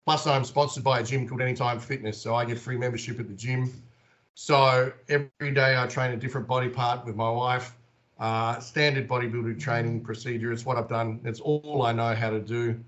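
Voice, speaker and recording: Australian man in his forties, interview guest, animated storyteller, slightly muffled lo-fi sound. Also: medium pitch, fairly quick. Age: 40s. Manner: animated, acts out the voices in his stories.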